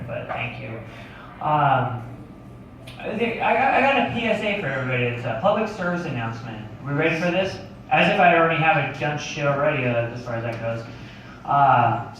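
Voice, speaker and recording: A man's voice: on the high side, fairly bright tone, a little hiss or hum. Rambling man doing loose comedy bits. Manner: loose, laughs at his own jokes, swears. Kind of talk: rambling stand-up storytelling. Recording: echoey room, distant mic.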